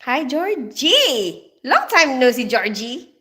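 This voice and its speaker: A woman's voice: sits high, big pitch swings, slow, pushed and bright. A woman with a Filipino accent, casually chatting and laughing with viewers on a livestream, greeting them by name. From Philippines. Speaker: livestream host reading chat. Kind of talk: casual live chat.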